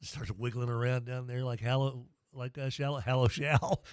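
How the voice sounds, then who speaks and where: A man's voice: medium pitch, steady tone, moderate pace, few pauses, smooth, no echo. A middle-aged man hosting sports talk radio, rambling and joking at his own expense. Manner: rambling, jokey, self-deprecating.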